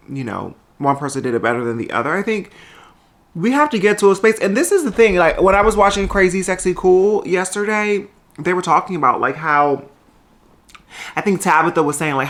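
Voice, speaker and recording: A transgender woman vlogging casually at home into a small microphone, chatty and animated, with a habit of talking loudly. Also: low voice. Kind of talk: casual vlog chat. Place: indoors at home. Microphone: small microphone on a handheld tripod.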